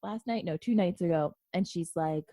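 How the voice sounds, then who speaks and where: A woman hosting a podcast in casual chat, excitable, laughing often and swearing freely. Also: fairly low pitch, moderate pace, no room sound. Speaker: podcast host.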